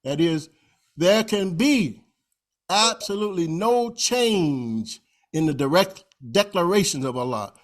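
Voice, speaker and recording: A man's voice: high-pitched, animated, slow. Emphatic man presenting slides on a call. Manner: emphatic, stretches out recited phrases; folksy, conversational asides.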